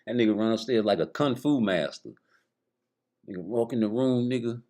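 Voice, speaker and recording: A man's voice: medium pitch, expressive, moderate pace, a little mellow, slight background noise. Man, comedic riffing, profane, laughing often, playful. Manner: profane, laughs constantly, mimics voices.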